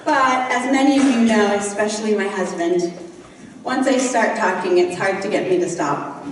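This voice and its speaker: A woman giving a sermon, telling a story in a gentle, unhurried way with touches of light humor. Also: medium pitch, slight background noise. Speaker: guest speaker. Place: large church hall. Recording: echoey hall, voice from far off.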